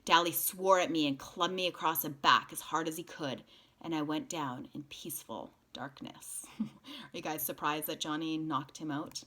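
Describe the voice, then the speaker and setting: A woman reading a novel aloud to a group of students, with quiet, steady narration. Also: sits low, normal speed.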